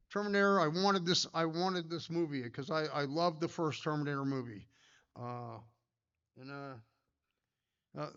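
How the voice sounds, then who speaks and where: An older man tells stories at a conference talk, his voice gravelly yet smooth and resonant. He rambles, restarts and fills pauses with ums and uhs. The recording is dull and lo-fi. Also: a little high, a bit bright. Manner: rambling, anecdotal, many fillers and restarts. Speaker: pinball designer giving a talk.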